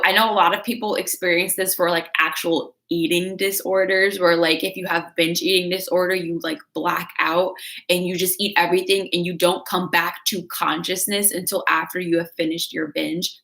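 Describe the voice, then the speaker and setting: A woman's voice: lowish voice, steady tone, moderate pace, sharp tone. A woman giving casual motivational talk on a livestream, chatty and coaching, reading out viewer comments. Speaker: fitness creator.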